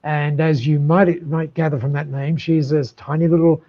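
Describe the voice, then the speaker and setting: An older man from Australia, a podcast guest telling his story in an animated way, often repeating words as he builds up to a point. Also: fairly high pitch, moderate pace, lo-fi sound. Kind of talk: storytelling in an interview. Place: room lined with books.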